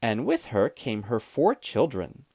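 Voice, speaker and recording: A man reading a children's storybook aloud, clear, expressive and deliberate. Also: mid-range voice, dry recording, clean studio sound. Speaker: storybook reader.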